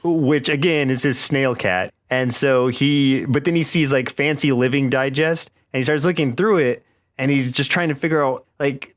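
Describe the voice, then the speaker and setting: A man co-hosting a casual chat podcast. He retells cartoon scenes in a lively way, laughs often and slips into quoted voices now and then. His pitch sits in the ordinary middle range for a man. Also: normal speed. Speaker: podcast co-host.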